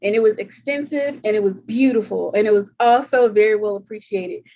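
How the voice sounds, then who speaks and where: A woman's voice: medium pitch, fairly quick, dark tone, lo-fi sound. A woman co-hosting a podcast in casual chat, gushing in long run-on sentences chained with "and". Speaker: podcast co-host.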